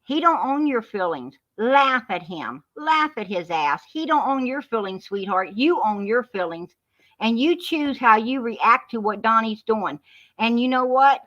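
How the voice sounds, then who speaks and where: A woman's voice: on the high side, lively intonation, unhurried, fairly bright tone. A woman speaking on a heated live stream, preachy and repetitive, calling people hon and sweetheart. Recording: muffled lo-fi live-stream audio.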